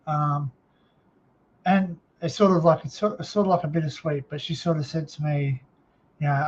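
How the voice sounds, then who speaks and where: Aussie bloke telling a sad story on a live stream, lots of ums and restarts, kinda high voice, muffled audio. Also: male voice. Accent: Australian. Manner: halting, many fillers and restarts. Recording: dull lo-fi sound.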